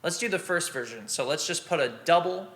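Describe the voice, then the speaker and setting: Bright-voiced man teaching drum technique. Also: on the high side, a little fast. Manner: relaxed, practical, scats drum rhythms aloud. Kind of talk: instructional explanation.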